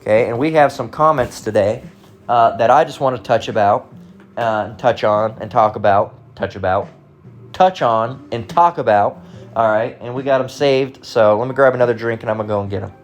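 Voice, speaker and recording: A man's voice: medium pitch, normal speed, a little hiss or hum. A man giving casual, rambling commentary on online comments, talking bluntly and profanely with frequent restarts.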